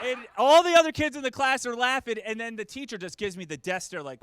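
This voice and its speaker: Self-mocking stand-up dad, high voice. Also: male voice, animated, fairly quick, hardly any pauses, a bit bright, clear, resonant tone. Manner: self-deprecating, acts out quoted voices. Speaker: stand-up comedian. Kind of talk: stand-up comedy set.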